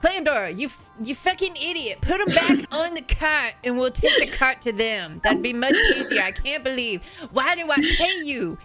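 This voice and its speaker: A woman doing a stingy gruff merchant. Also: fairly high pitch, moderate pace, over music, natural voice. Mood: bossy. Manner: haggling, swearing at his helper. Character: gruff stingy male merchant, bossy to his helper.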